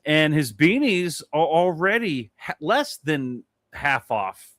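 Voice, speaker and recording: Man, slightly high and bright voice, loose profane storyteller, dry close mic. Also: slow, no echo. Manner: animated, swearing, rambling anecdote. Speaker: podcast co-host. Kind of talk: casual storytelling chat.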